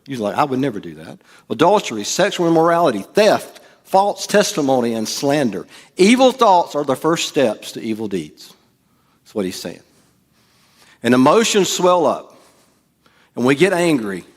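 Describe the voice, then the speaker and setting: A man's voice: medium pitch, sing-song, moderate pace. A man preaching a sermon as pastor, in a casual, joking way and acting out quotes. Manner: conversational preaching with jokes and acted-out quotes. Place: church.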